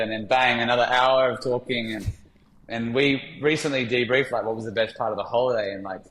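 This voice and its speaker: A man, a podcast guest telling stories in a candid, relaxed way with many fillers. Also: medium pitch, brisk, reverberant, poor audio. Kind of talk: reflective storytelling in conversation.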